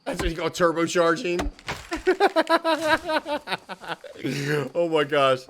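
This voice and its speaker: A man's voice: on the high side, very animated, very slow, pauses often, fairly bright tone, a little hiss or hum. A man hosting a livestream, chatting casually with viewers in a jokey way and laughing often. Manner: jokey, laughs often, says "dude" and "frickin'". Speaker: livestream host.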